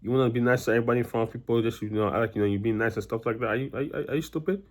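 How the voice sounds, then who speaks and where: Talking very fast in a mid-range voice, a man vlogs casually to camera about his work. The monologue is rambling and repetitive, packed with "you know"s and other filler, and his tone is blunt and exasperated.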